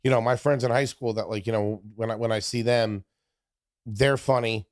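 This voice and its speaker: A man talking as a guest on a podcast in casual chat, easygoing and quick to toss in jokes. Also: mid-range voice, fairly even intonation, no echo, studio quality.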